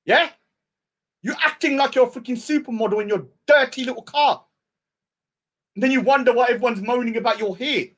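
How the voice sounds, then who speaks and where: A man's voice: very high voice, a little fast, pauses often, a bit bright. A man delivering a taunting rant at a rival, hurling insults and mocking him. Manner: mocking and insulting, mimics his target in a whiny voice. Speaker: street preacher and debater. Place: outdoors at a public speaking spot.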